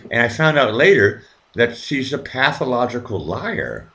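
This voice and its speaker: A man's voice: mid-range voice, big pitch swings, moderate pace, bright, forceful tone, slight background noise. Rambling man hosting a livestream chat. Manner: rambling, repeats words, frequent restarts; swears casually. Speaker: livestream host.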